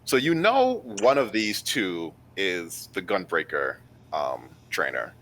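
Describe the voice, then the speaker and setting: A man's voice: deep voice, sing-song, slow pace, fairly bright tone, slight background noise, rough recording. A man narrating a tabletop game as game master in a loose, casual way full of fillers.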